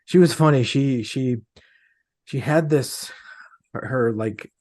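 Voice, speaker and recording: A man's voice: medium pitch, slow, a little mellow, no room sound, clean studio sound. A middle-aged man, an author being interviewed, speaking hesitantly with many fillers and restarts. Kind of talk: conversational interview.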